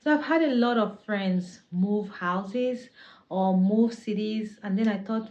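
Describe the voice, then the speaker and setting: A young woman talks straight to her viewers in a sassy, chatty vlog voice, quick to laugh. Her pitch sits in an ordinary middle range. The recording is a little dull and lo-fi. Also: darkish tone, slight background noise. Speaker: vlogger. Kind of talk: casual talking-to-camera tips.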